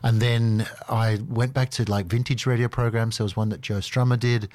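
A man's voice: medium pitch, fairly even intonation, normal speed, a little mellow, dry recording. A man answering questions as a guest in a radio studio, earnest and enthusiastic. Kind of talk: interview answers.

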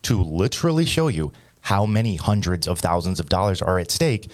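A man's voice: low voice, big pitch swings, a little fast. A man hosting a financial radio talk show, emphatic and jokey as he explains tax planning.

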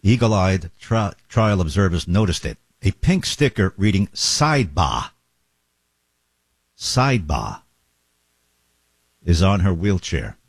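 A man's voice: sits low, darkish tone, slightly rough, dry recording. A man hosting a talk radio show, chatting casually with wandering asides.

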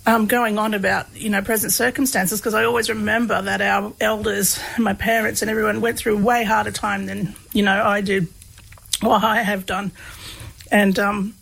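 A woman's voice: mid-range voice, level tone, normal speed, gravelly, a bit bright, breathy edge, low-quality recording. A woman telling a personal story in a casual, hesitant way, full of fillers. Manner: hesitant, many fillers, laughs while telling. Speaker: guest, researcher of comedy.

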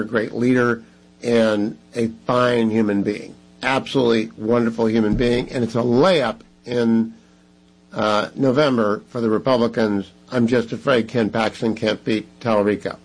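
Brisk, husky talk radio host. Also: male voice, mid-range voice, rough recording. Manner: brisk, emphatic appeals, chatty asides. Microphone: studio microphone.

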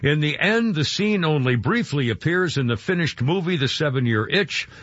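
Male radio host, husky and lively, rambling and excitable, dull broadcast sound. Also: on the high side, dry recording. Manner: rambling, excitable, quick to laugh. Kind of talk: casual morning radio talk. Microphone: studio microphone.

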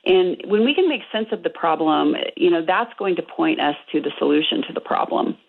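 A woman's voice: fairly low pitch, expressive, a little fast, creaky. A middle-aged woman, a couples therapist, explaining earnestly as a radio guest over the phone, with many fillers. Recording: tinny phone line.

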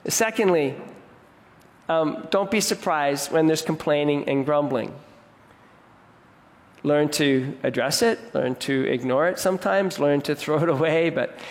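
A male pastor delivers a sermon in an earnest, direct manner and repeats his key phrases for emphasis. His voice sits a little higher than most men's. It rings through a hall with a long reverb.

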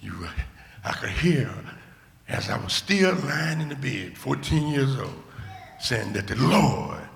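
An older male preacher giving a sermon testimony, moving from hushed storytelling to shouted rejoicing. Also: medium pitch, very animated, unhurried, creaky. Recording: echoey hall with long reverb.

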